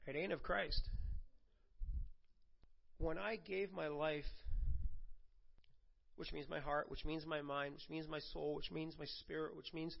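A middle-aged man preaching a sermon to his congregation, swinging from quiet asides to loud emphatic bursts and joking with the room. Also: a little high, steady tone, a little slow, creaky, long pauses, highs cut off. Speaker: pastor.

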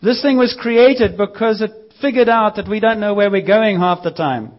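A man preaching a sermon in a church, lively and using a prop as a visual aid. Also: high-pitched, normal speed, dull audio.

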